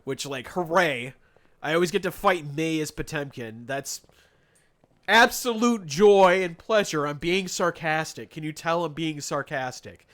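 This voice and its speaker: A male streamer chats casually while playing, his stories animated and sarcastic. His voice is bright and forward, pitched a little high. Laughter often breaks into his talk. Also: normal speed.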